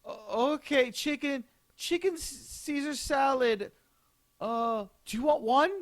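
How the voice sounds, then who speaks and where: A man voicing a confused old woman taking an order at a drive-thru speaker. She stumbles and trails off. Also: takes it slowly. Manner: high, hesitant, stumbling over the order.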